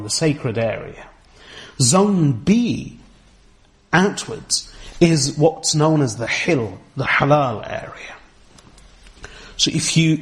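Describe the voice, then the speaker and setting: A man giving a religious lecture, explaining slowly and step by step, repeating key terms and reciting Arabic verses fluently. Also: a little high. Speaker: Islamic teacher.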